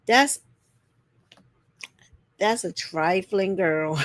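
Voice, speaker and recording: A woman's voice: very animated, slow pace, pauses often, a little mellow, no room sound, clean studio sound. A woman hosting a casual reality TV recap, sassy and direct with viewers, acting out quotes in a put-on voice. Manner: sassy, talks straight to viewers, acts out quotes with pitch jumps.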